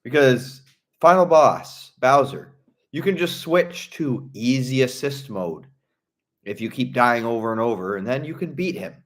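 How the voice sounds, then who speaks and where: A man's voice: medium pitch, expressive, measured pace. A young man streaming, chatting casually about video games in a blunt, profane way and laughing often.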